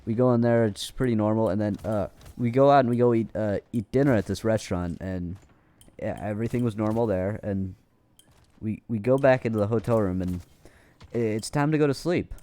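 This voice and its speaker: Young guy rambling through a story, swears a lot, mellow and relaxed. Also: lowish voice, brisk. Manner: rambling, profane, full of restarts. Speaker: streamer telling a story. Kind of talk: casual storytelling.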